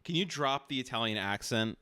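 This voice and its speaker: A man's voice: medium pitch, expressive, pushed and bright, smooth, no room sound, studio quality. A man streaming a casual chat with an AI character, teasing and playful. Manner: teasing, playful, quick to laugh.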